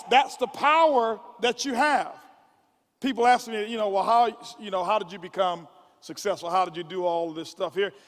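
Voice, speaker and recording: A man with a high, light voice speaks to a crowded conference hall, his words ringing with long reverb. He repeats himself in quick restarts and builds his points like a preacher. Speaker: motivational speaker. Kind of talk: motivational speech to a conference audience.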